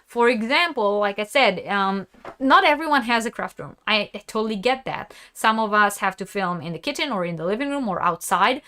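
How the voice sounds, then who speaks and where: Woman, live stream host, casual chat, reads viewer comments aloud, bright voice. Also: mid-range voice, lively intonation, brisk. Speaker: crochet channel host.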